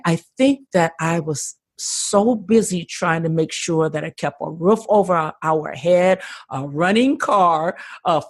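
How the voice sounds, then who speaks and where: An older woman, a podcast guest, telling her story with passion and frequent restarts over a remote call. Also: medium pitch. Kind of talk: conversational interview.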